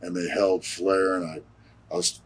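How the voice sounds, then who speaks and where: A man with a very deep, husky voice tells a ringside story in a casual interview. His delivery is blunt and peppered with swearing, and his voice has a rough, breathy edge throughout. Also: level tone, moderate pace. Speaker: pro wrestler.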